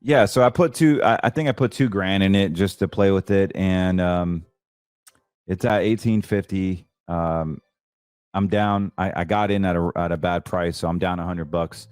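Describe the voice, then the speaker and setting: A man with a fairly low voice talks casually about trades, chatty and emphatic, stumbling now and then and correcting himself. The sound is dry and close, with no room around it. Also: normal speed, a little mellow, clear, resonant tone, no echo. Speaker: financial show host. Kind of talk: casual market commentary.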